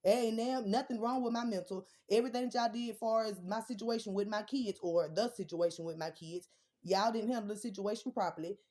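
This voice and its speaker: A woman's voice: medium pitch, a little fast. A young woman ranting bluntly and defiantly about her family and her kids, swearing often. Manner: profane, blunt, defiant, rising to shouts. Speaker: vlogger. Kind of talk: heated personal rant.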